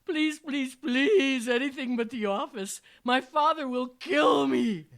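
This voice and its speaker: A woman's voice: high-pitched, slow, creaky, a bit bright, voice pushed up, full character voice. A woman voicing a theatrical teenage boy, the class clown, begging with mock tears and putting on a mock-posh farewell.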